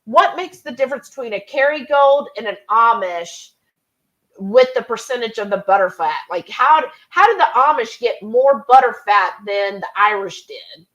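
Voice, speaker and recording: A woman's voice: a little high, animated, normal speed, fairly bright tone, muffled recording. A woman hosting a cooking live stream, chatting casually and reading viewer comments aloud. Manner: chatty, rambling, reads chat comments aloud. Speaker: cooking channel host.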